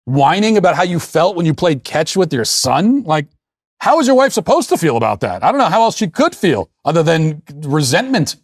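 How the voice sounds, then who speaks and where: A man's voice: fairly high pitch, big pitch swings, normal speed, no room sound, studio quality. A man hosting a show and delivering a blunt, emphatic opinion monologue in a lecturing tone. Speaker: political commentator hosting a show.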